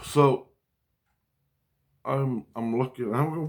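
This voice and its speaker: A man's voice: medium pitch, slow, long pauses. A man telling a story in a rambling, casual monologue, agitated and profane, often restarting his sentences. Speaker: vlogger recounting a dream.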